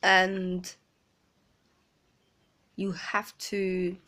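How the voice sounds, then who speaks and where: A woman speaking earnestly in a personal confessional vlog, pausing often. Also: mid-range voice, monotone, bright, forceful tone. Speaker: vlogger.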